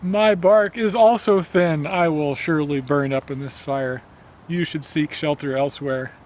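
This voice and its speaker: A drooping hemlock tree apologizes in a slow, regretful voice, as a man puts it on. The words are drawn out and gentle. It is a voice from a folk tale told aloud. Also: fairly high pitch, steady tone, a little hiss or hum, close to an everyday voice. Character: apologetic thin-barked western hemlock tree.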